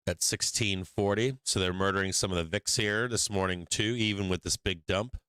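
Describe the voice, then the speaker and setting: A low-pitched man with a pushed, bright, clear, and resonant voice speaks at normal speed with fairly even intonation, with no room sound. He hosts a live stock stream, rambling and cursing casually, restarting often, drifting off mic while working his charts and screens, and he has the hiccups.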